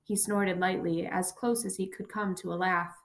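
A woman narrating a first-person memoir audiobook in a measured, quiet and somber reading. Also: fairly low pitch, level tone.

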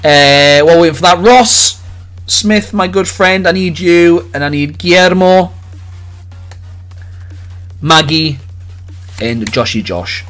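A man hosting a live card-opening stream, chatting excitedly with viewers and calling out their names. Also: fairly high pitch, faint music behind. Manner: excitable, jokey, rapid swings between loud cheers and quiet mutters. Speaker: livestream host opening trading cards.

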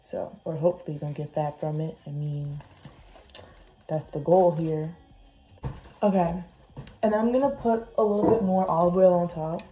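A woman's voice: fairly low pitch, fairly even intonation, moderate pace, pauses often, dark tone, poor audio. A young woman chatting casually as she vlogs a cooking session at home, scattered and full of "like". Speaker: vlogger. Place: home kitchen. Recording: music playing underneath. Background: background music.

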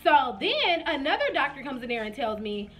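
A young woman casually telling viewers her labor story, acting out her own reactions in sudden high bursts and calling them "y'all". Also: big pitch swings, moderate pace, a bit bright. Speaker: vlogger.

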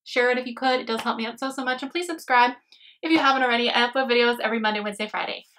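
A bubbly young woman talks straight to her camera while trying on clothes, her voice sitting a little high. She keeps things loose and chatty, laughing easily and calling her viewers loves. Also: rapid-fire, fairly bright tone. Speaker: fashion vlogger. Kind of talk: casual try-on haul chat.

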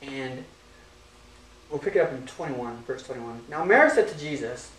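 A man's voice: medium pitch, expressive, moderate pace, fairly bright tone. Pastor, male, easygoing conversational sermon delivery, joking asides, roomy hall sound, mic at a distance. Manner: casual, conversational preaching with jokes and asides.

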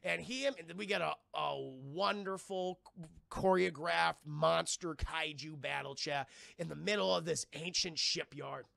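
A young man streaming a casual, excitable movie recap to his live chat, swearing often and calling out to the chat as he goes. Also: a little high, unhurried, vocal fry, no echo, clean studio sound.

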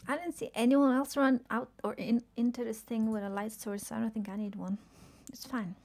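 A woman's voice: on the high side, fairly even intonation, brisk, darkish tone. Chatty woman streamer, cursing at her game. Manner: swears often, exclaims in frustration; chatty, reads chat aloud and answers it. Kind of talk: casual gameplay commentary.

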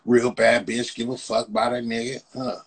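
A man hosting a phone livestream, loudly roasting and mocking his viewers with profane banter, tagging "blood" onto nearly every phrase. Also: mid-range voice, level tone, normal speed, husky, poor audio. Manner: loud, mocking, repeats "blood" constantly. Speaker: livestream host. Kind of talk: profane Instagram live roast.

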